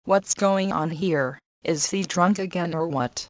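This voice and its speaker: A woman's voice: fairly low pitch, unhurried, no echo, lightly acted. A woman voicing an irritated male officer demanding answers. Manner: demanding questions.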